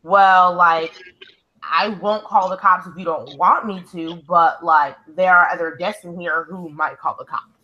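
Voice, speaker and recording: A woman's voice: lowish voice, fairly even intonation, measured pace, bright, forceful tone, highs cut off. A young woman co-hosting a casual chat show, telling a long story and saying "like" constantly. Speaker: co-host.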